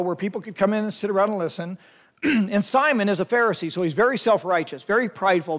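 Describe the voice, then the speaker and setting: Youth pastor guy, pretty high voice, telling the story like he's right there, talking right at the kids. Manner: vivid retelling, speaks straight to listeners. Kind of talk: storytelling sermon to a youth group.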